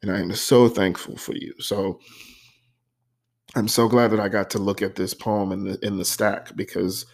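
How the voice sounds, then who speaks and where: Earnest low-voiced man reading his poem. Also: level tone, gravelly. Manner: earnest and heartfelt, pausing with frequent ums. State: emotional, voice catching. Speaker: poet reading his own work. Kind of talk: personal poetry reading with reflective talk.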